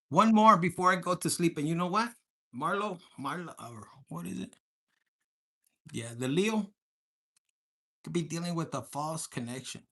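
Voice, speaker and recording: With a mid-range voice, a tarot reader gives a casual collective reading, blunt, profane and animated, slipping Spanish words into her speech.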